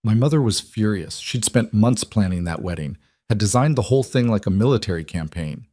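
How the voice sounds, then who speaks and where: A man's voice: on the low side, animated, brisk, dark tone, dry recording, studio quality. A man voicing a guarded, driven woman CEO in an audiobook-style story reading, with an earnest, confessional manner that tips into anxiety.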